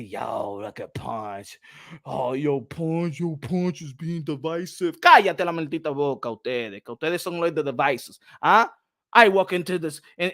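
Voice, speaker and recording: A man with a Dominican accent hosting a boxing show in a casual live-stream chat, playful and loud, laughing often and mixing English with Spanish. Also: sits high, dry recording, studio quality. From Dominican Republic. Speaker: boxing YouTube host.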